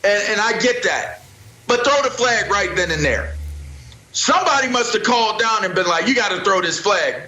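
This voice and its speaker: Brief: male sports debater, bright and tense, swooping lively pitch, echoey room. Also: normal speed. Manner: emphatic, repetitive, preacher-like build-ups.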